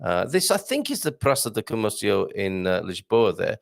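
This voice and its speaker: A man's voice: lowish voice, very animated, moderate pace, gravelly. A man hosting a casual livestream, chatting and greeting viewers by name, often laughing and rambling. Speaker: livestream host. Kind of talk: casual live chat reading viewer comments.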